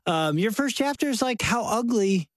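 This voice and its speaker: A man's voice: high voice, animated, moderate pace, dry recording. A middle-aged man hosting a radio talk show, chatty and enthusiastic with playful emphasis. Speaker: host.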